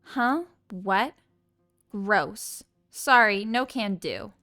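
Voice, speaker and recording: A woman's voice: medium pitch, lively intonation, very slow, bright, forceful tone, no echo, studio quality, soft background music, heavily acted. A woman voicing a snobby, selfish teenage schoolgirl in a game, with a mocking valley-girl sneer.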